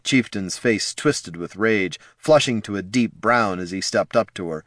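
A man narrating a fantasy audiobook in a measured, dramatic manner. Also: lowish voice, a bit bright, no room sound, studio quality.

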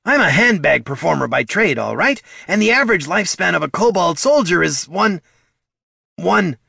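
Brief: a high, loud, shrill little kobold, sarcastic and jumpy, gravelly edge. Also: male voice, big pitch swings, normal speed, no room sound, clean studio sound, full character voice. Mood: nervous. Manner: shrill, whiny, complaining. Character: small panicky sarcastic male kobold. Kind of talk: audiobook character voice.

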